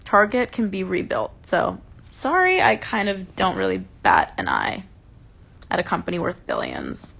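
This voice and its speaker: A woman's voice: fairly low pitch, wildly swooping pitch, moderate pace, vocal fry, fairly bright tone, husky. A young woman hosting a casual livestream from home, passionately ranting and swearing, openly upset. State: upset and enraged. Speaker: livestream host. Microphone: phone.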